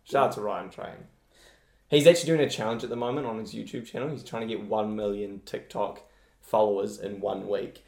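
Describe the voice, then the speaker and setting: A man's voice: on the low side, fairly even intonation, fairly quick, gravelly, darkish tone. A young man with a New Zealand accent hosting a podcast, telling stories with dry teasing humour. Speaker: podcast host. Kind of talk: casual chat. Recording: echoey room.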